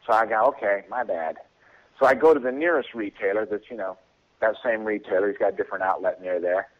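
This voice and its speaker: A man's voice: lowish voice, fast talker. Chuckling man on a muffled phone line. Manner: chuckling, acts out quoted voices. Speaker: radio show guest. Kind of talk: casual storytelling.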